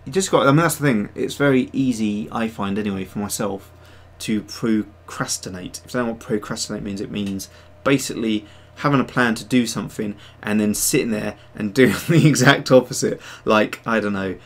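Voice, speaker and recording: A man's voice: on the low side, a little fast, few pauses. A man hosting a casual livestream, chatting to viewers in a rambling way with many fillers and restarts. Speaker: livestream host and digital sculptor.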